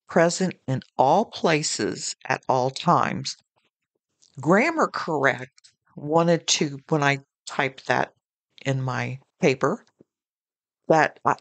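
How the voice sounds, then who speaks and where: Woman, devotional podcast host, slow and deliberate delivery, earnest and chatty, dry close sound. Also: deep voice, gravelly, dry recording. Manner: earnest, conversational, with homely anecdotes.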